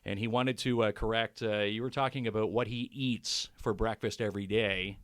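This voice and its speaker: A man's voice: lowish voice, fairly even intonation, moderate pace, no room sound. Guy cohosting a podcast, dry studio mic, chatty and upbeat. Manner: upbeat, reads sponsor intros. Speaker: podcast co-host. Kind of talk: casual podcast chat. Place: small recording studio.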